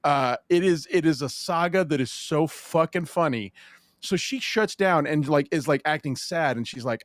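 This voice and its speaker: A man hosting a podcast, telling a story in an animated, swearing, laughing style of casual chat. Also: fairly high pitch, moderate pace, no echo, studio quality. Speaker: podcast host.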